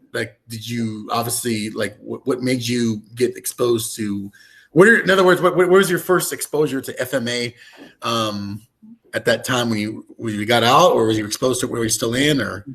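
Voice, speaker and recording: A man's voice: mid-range voice, normal speed, vocal fry, a bit bright. A man hosting a casual podcast interview, asking questions in a hesitant way with many ums and likes. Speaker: podcast host.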